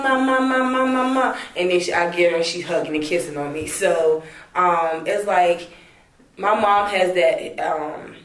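A young woman with a lowish voice tells family stories in a casual interview. She laughs often and jumps higher when she acts out what others said. The room around her echoes. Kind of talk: casual storytelling.

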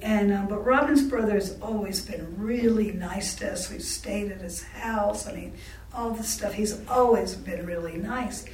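A blunt, outspoken woman with a mid-range, darkish voice speaks unhurriedly about her family life as an interviewee in an oral history. The recording has a roomy echo, a distant mic, and faint background noise.

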